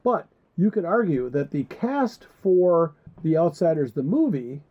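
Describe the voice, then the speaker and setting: Sing-song and unhurried, a man with a fairly high voice co-hosts a casual podcast chat. He rambles and jokes, throwing in crude asides, and the audio is muffled lo-fi.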